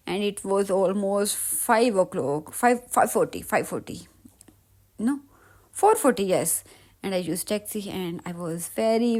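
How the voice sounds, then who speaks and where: Mellow-voiced young woman vlogger. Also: medium pitch. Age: young adult. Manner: chatty, giggly storytelling in simple non-native English. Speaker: travel vlogger. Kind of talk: vlog voice-over narration.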